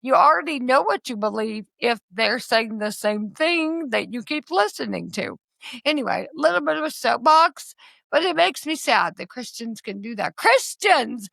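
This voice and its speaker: A woman in her forties hosts a podcast conversation, her voice high and bright with a gravelly fry running through it. She speaks earnestly and with passion, pressing her points with emphatic appeals. The sound is dry and close, with no room around it. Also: lively intonation, measured pace, no echo. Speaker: podcast host.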